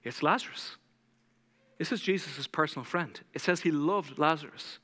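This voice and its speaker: A man's voice: fairly high pitch, moderate pace, pushed and bright, long reverb tail. A man preaching a sermon as pastor, telling stories dramatically and acting out the voices of the people in them.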